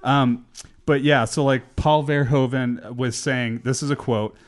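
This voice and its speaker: A man hosting a casual chat, animated and filler-heavy, laughing often. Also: mid-range voice, moderate pace.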